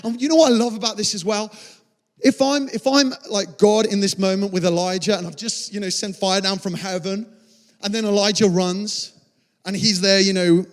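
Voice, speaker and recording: A man's voice: high voice, fairly even intonation, normal speed. A male pastor giving a passionate, conversational sermon, often restarting his phrases. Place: church auditorium. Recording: reverberant church hall.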